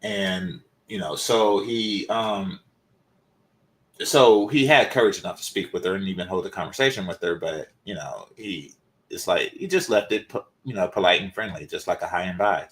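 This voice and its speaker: A man's voice: sits low, moderate pace, a bit bright. A man hosting his channel, talking through a topic in loose, rambling casual commentary with many fillers, his voice a little congested from a developing cold. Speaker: channel host.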